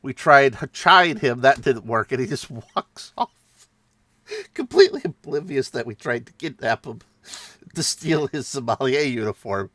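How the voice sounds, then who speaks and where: A man's voice: mid-range voice, big pitch swings, normal speed, bright, forceful tone, no room sound. A man casually retelling a tabletop game session, rambling and self-mocking with frequent laughs. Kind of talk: casual storytelling.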